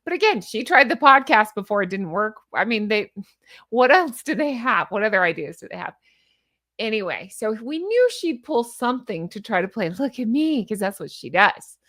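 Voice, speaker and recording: A woman's voice: medium pitch, very animated, moderate pace, pushed and bright. A woman vlogger giving casual, sarcastic opinion commentary, rambling with asides and restarts. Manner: chatty, sarcastic, scoffing asides.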